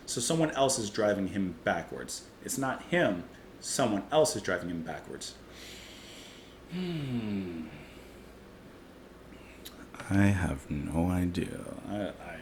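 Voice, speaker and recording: A man talks through a song he has just heard, in a casual and chatty way with lively ups and downs in his voice. He sounds like he is in an echoey room, with a faint hiss under the recording. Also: deep voice, takes it slowly, long pauses. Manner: chatty, vivid food comparisons, musing aloud. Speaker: music reaction host. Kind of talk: casual music review monologue. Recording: roomy echo, faint background hiss.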